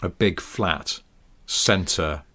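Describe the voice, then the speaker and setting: A man with a lowish voice co-hosts a casual podcast. He tells stories in a rambling, chatty way and laughs often. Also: very slow, sharp tone, breathy edge. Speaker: podcast co-host. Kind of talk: casual chat.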